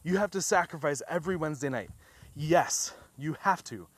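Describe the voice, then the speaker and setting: A fairly high-voiced man gives an eager sales pitch, hammering home each point by repeating it. He keeps asking rhetorical questions and sounds a little out of breath. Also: lively intonation, normal speed, slightly rough. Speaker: trading group promoter.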